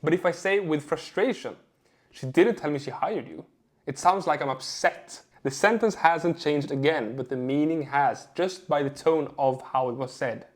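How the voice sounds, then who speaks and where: A young adult man with a voice pitched a little above the usual talks straight to camera as a communication coach. He speaks in a measured way, leans on key words and lets pauses sit. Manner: measured, stressing words and pausing for effect. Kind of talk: instructional video talk to camera.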